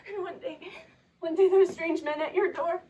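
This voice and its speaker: A woman's voice: very high-pitched, fairly even intonation, normal speed, dull audio. Desperate young woman, played by an actress on stage. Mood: bitter anguish. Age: young adult. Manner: emotional, voice breaking into tears and shouts. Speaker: stage actor. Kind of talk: theatrical stage monologue. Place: theater stage. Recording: distant live stage recording.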